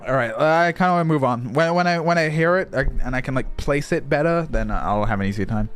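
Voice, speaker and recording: A man's voice: fairly high pitch, expressive, normal speed, faint music behind. A young man chatting casually on a livestream, laughing often, swearing and restarting his words. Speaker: streamer.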